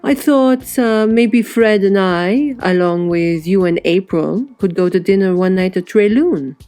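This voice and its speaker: A woman's voice: medium pitch, measured pace, dark tone, close to an everyday voice. A woman voicing a flirtatious rich middle-aged woman with a Russian accent and a gushing, dramatic manner. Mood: flirty.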